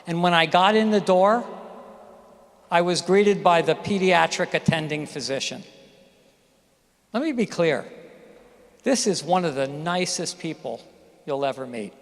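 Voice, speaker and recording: A middle-aged man addresses a graduating class, telling a personal story candidly and with emphasis. His voice sits a little high for a man. The sound carries a long reverb from the ceremony hall. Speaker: commencement speaker, physician. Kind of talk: graduation speech.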